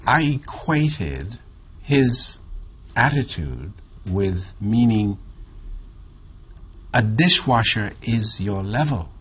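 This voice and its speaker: A man from the Bahamas with a Caribbean accent, telling a reflective story in an interview in a measured, thoughtful way with drawn-out pauses. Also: fairly low pitch, expressive, a bit bright, breathy edge. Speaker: interview guest.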